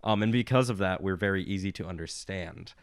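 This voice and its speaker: Laughing young Midwestern man, smooth voice. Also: low voice, a little fast, no echo. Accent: Midwestern American. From Nebraska, US. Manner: laughing, animated storytelling. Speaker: cast member. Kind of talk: casual chat.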